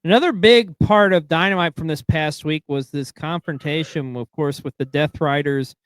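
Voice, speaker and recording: A man's voice: fairly high pitch, normal speed, clean tone, dry recording, studio quality. A man hosting a casual wrestling recap show, speaking with frequent fillers. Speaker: podcast host.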